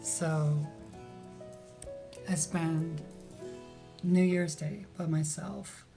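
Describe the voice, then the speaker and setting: A woman telling a personal life story as a radio guest, halting and full of "like" and "you know", dropping to a hushed voice at tender moments. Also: low voice, steady tone, gravelly, faint music behind.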